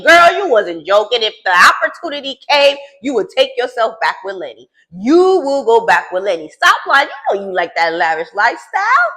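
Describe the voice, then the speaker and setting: A woman's voice: medium pitch, sing-song, fairly quick, few pauses, pushed and bright. A woman recapping a reality show in a casual gossip style, sassy and teasing as she talks straight to the cast.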